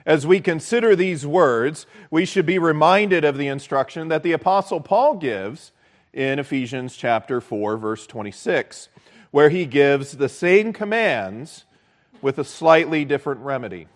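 A man preaching a sermon as pastor, earnest and measured, repeating key phrases for emphasis. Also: on the high side, lively intonation.

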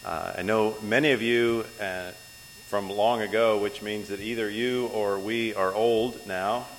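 Male pastor at the pulpit, unhurried, pausing with fillers between phrases; long reverb and faint mains hum. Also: on the low side, fairly even intonation. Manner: unhurried, with many ums and uhs between phrases. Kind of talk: sermon. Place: church sanctuary.

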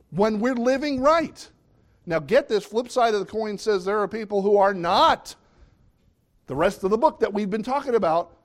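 A middle-aged man preaching a sermon in a conversational way, often asking the listeners questions. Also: sits high. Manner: conversational, asks the audience questions.

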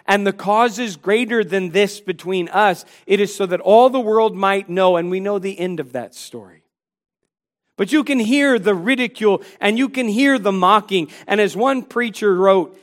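A male preacher with a notably high voice delivers a sermon. He is earnest and slips into the taunting voices of mockers and figures from scripture, then returns to plain teaching. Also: normal speed.

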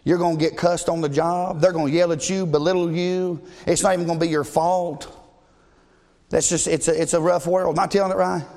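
A man's voice: a little high, flat delivery, brisk, a little mellow, big-room sound. A man preaching a sermon in an emphatic, conversational way, often asking the congregation questions.

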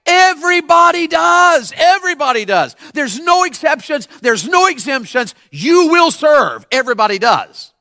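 A man preaching a lively sermon to young people, acting out the people in his stories. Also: very high voice, moderate pace, hardly any pauses, no room sound, clean studio sound. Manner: animated, mimics people. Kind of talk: youth sermon. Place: church service.

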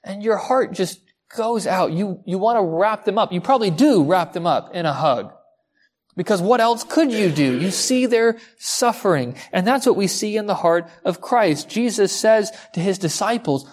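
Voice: mid-range voice, expressive, normal speed. Conversational preacher asking rhetorical questions. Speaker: pastor. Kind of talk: sermon.

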